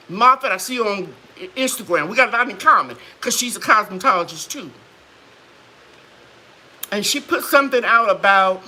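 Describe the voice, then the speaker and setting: A woman with a voice on the high side hosts a casual live chat, telling stories in a lively, preachy way and acting out quotes.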